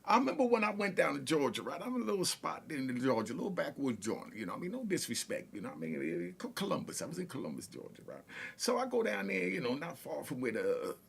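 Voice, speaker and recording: With a very animated, quick delivery, a Harlem man spins casual street stories, repeating himself, restarting with stammers, and laughing in a laid-back manner. His voice is medium-pitched, gravelly, and husky.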